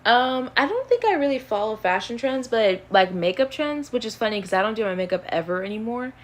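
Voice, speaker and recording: A woman's voice: on the high side, very animated, a little fast. A woman in her early twenties chatting casually on a live stream, rambling and easygoing, with lots of fillers as she answers questions. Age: early 20s.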